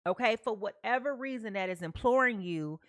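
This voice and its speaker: A woman's voice: medium pitch, animated, brisk, a bit bright, no echo, studio quality. A woman giving a live tarot reading, chatty, often checking in with "okay?" and talking to her viewers. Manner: chatty, repeats "okay?" often, talks to chat. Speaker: tarot reader.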